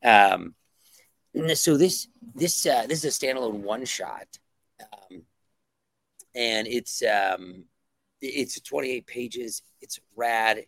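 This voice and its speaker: A man's voice: medium pitch, expressive, takes it slowly, pauses often, a bit bright, no echo. A man being interviewed as a comic book writer, talking enthusiastically and rambling with many fillers. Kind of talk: casual interview talk.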